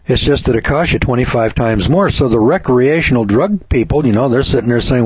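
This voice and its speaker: A man's voice: mid-range voice, brisk, few pauses, darkish tone, slightly rough. A man hosting a radio show, giving a folksy, opinionated editorial monologue and mocking other people's voices. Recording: dull lo-fi radio recording.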